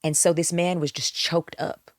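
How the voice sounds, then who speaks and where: A woman's voice: lowish voice, level tone, moderate pace, dry recording, studio quality. A middle-aged woman, a singer, candidly telling her story in a podcast interview, reflective and full of restarts. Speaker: guest singer.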